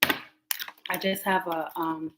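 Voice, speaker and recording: Casual woman livestream host, animated, laughing, talks straight to chat. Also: fairly low pitch, drawn-out words, heavy background noise. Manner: chatty, laughing, animated asides to viewers. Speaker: livestream host, tarot reader.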